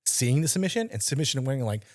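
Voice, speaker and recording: A man's voice: mid-range voice, lively intonation, very fast, darkish tone. A man co-hosting a casual podcast, blunt and emphatic, swearing freely and giving direct instructions like a coach. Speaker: podcast co-host. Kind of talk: casual chat.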